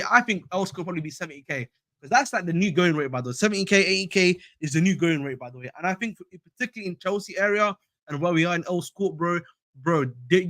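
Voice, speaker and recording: Young guy chatting on his fan stream, keeps saying bro, bright voice, dry mic. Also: high voice, no room sound. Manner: slangy, repetitive, addresses viewers as bro. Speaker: fan channel host. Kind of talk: casual live-stream chat.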